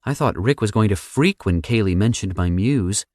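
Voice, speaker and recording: A man's voice: on the low side, lively intonation, moderate pace, a little mellow, dry recording, voice pushed up. A blunt, sarcastic young woman from a survival audiobook, as a man puts her on. The voice sits well above his own range and teases freely. It is recorded close and dry, with no room sound. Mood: wry. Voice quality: teasing, blunt. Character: sarcastic anxious young woman, little sister. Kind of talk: audiobook character voice.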